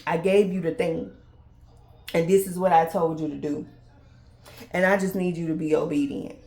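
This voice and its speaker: With a mellow, fairly low voice, a steady tone, and a moderate pace, this thirtysomething woman hosts a faith-based podcast talk. She addresses listeners as y'all in a casual way and performs conversations with God and other people.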